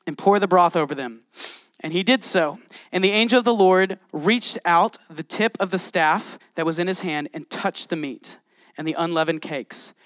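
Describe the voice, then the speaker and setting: A man preaching a casual, animated sermon, reading scripture and exclaiming often to his listeners. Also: sits high, normal speed, no echo, studio quality.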